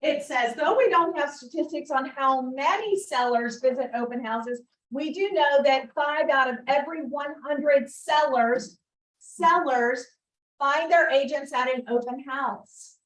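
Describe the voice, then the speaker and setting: High-voiced woman leading a team meeting. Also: a little slow. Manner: animated, acts out scenes with exaggerated voices. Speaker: real estate team leader. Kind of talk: motivational team meeting talk. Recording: echoey room, voice from far off.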